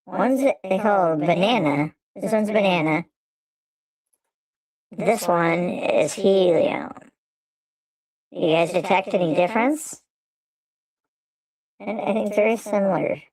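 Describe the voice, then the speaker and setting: Man through a high voice-changer filter. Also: slow pace, pauses often, darkish tone, rough recording. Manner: curious, trying out each setting. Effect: high-pitched voice changer. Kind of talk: testing voice filters on a livestream.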